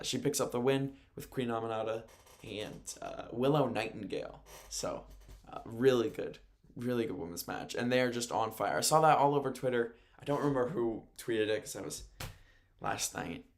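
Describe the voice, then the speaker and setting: A man who hosts radio and calls play-by-play, chatting loosely through a recap, rambling, chuckling often and correcting himself. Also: mid-range voice. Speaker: radio host and play-by-play announcer. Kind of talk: casual sports talk recap.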